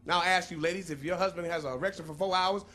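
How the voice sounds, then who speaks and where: A man's voice: high-pitched, fairly even intonation, racing, bright, forceful tone. A man doing a stand-up comedy set on a club stage, playful and punchy, drawing out his punchlines. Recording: live club crowd and noise.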